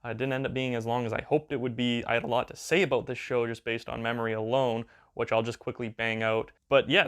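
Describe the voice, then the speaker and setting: A man rambles through a casual commentary, swearing and exaggerating for laughs. His voice sits at an ordinary middle pitch, and his talk is loose and full of fillers. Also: fairly bright tone. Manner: crude, joking, hyperbolic, with lots of fillers. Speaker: video creator.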